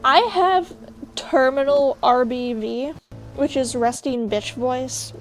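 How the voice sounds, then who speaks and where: A young woman streaming, chatting casually and ranting bluntly with jokes to her chat. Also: fairly high pitch. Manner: blunt, joking rants to chat.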